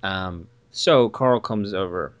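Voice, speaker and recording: A young man chatting casually, telling a rambling roommate story with lively asides. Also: low-pitched, slow pace, no echo. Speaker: guest storyteller. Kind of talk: casual chat.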